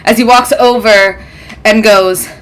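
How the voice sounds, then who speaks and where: A woman's voice: medium pitch, fairly even intonation, a little slow. Woman narrating her tabletop character. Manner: casual, laughs between lines. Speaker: player.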